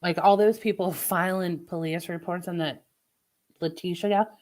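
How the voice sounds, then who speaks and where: A woman's voice: lowish voice, normal speed. A woman livestreamer in casual chat with her viewers, venting opinions in a chatty way. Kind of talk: casual live-stream chat.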